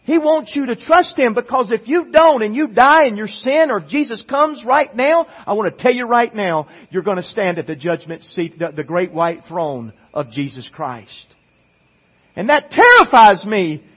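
A pastor preaching a sermon, pleading and swinging from quiet talk to impassioned urging. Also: male voice, high-pitched, big pitch swings, normal speed, husky, lo-fi sound.

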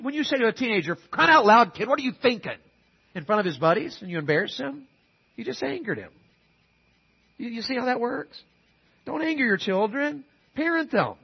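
High husky guy preaching to his church, chatty sermon, asks the crowd stuff, kinda dull lo-fi recording. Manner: conversational preaching, asks the congregation questions and acts out quoted parents. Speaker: pastor. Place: church auditorium with a congregation.

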